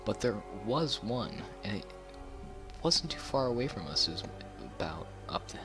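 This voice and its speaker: A man's voice: fairly low pitch, very animated, moderate pace, over music. A man telling a personal story in a casual storytime vlog, rambling with many fillers and restarts. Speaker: YouTuber.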